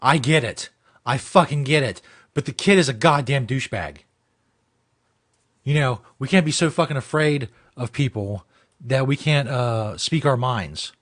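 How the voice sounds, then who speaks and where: A man's voice: medium pitch, measured pace, a bit bright. A man hosting a comedy show, ranting and mocking with heavy swearing. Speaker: host. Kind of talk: profane comedic rant.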